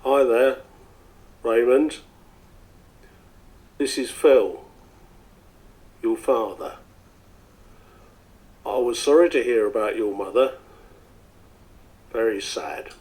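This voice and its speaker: Actor as stiff older dad in a radio play, slow, halting and awkward. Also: male voice, medium pitch, darkish tone, lightly acted, low-quality recording. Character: stiff estranged father, older man.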